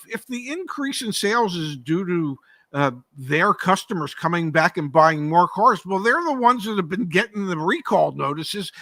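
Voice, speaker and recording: A man's voice: high-pitched, bright, forceful tone, dry recording. A man co-hosting a casual car-market talk, emphatic, asking rhetorical questions and repeating words. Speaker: co-host, former car dealership operator. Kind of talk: casual podcast chat.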